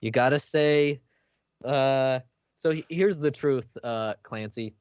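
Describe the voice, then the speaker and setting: A man's voice: mid-range voice, slow pace, a little mellow, smooth, no echo. A man playing a tabletop game, talking loosely and jokingly, swearing now and then. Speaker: player. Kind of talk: casual tabletop play. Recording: dull, dry lo-fi stream audio.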